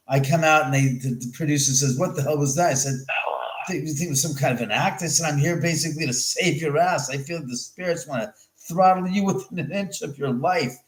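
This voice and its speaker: Guy hosting a livestream, rambling animated story, swears a lot, echoey room. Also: a little high. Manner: animated, repeats himself, swears freely. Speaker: host of a livestream.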